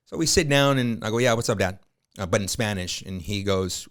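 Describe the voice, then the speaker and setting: A man's voice: on the low side, a little fast. A man in his fifties, a realtor, telling colloquial anecdotes as a podcast guest. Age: 50s. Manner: lively anecdotal storyteller, colloquial, with frequent fillers. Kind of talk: storytelling in a podcast interview.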